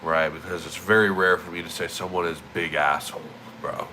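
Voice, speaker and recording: A man's voice: deep voice, little pitch movement, brisk, pushed and bright, a little hiss or hum, poor audio. A young man livestreaming, just woken up, rambling and swearing with emphatic repeated words. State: just woke up. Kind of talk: casual streaming rant.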